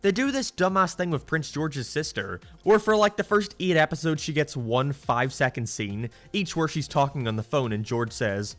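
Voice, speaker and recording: A man's voice: a little high, moderate pace, few pauses, fairly bright tone, soft background music. A man delivering a sarcastic, profane rant as a cartoon reviewer. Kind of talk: ranting review commentary.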